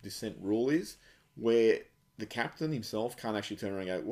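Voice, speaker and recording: Aussie podcast co-host, lowish male voice, blunt ranting sports chat with plenty of swearing. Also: animated, brisk, darkish tone.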